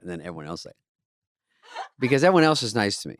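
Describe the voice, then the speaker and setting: A man's voice: lowish voice, big pitch swings, fast. A man co-hosting a podcast in casual chat, telling stories in a sarcastic, swearing way. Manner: sarcastic storyteller, swears freely. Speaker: podcast co-host.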